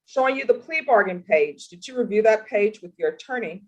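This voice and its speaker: A woman with a mid-range voice presides as a judge in a courtroom. She questions people formally and deliberately, with a stern edge. Her phrasing is measured and firm. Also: medium pitch, expressive, highs cut off. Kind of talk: courtroom plea hearing.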